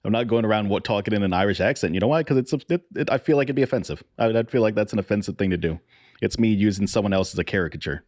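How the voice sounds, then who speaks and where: A man co-hosting a podcast in casual chat, animated and profane, laughing often. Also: fairly low pitch, very fast, no room sound, clean studio sound. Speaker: podcast co-host.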